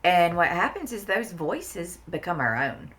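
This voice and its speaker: A therapist guest on a casual podcast talks in a lowish, very animated voice, a little slow and fairly bright. She's blunt and emphatic, swearing freely and repeating words for stress.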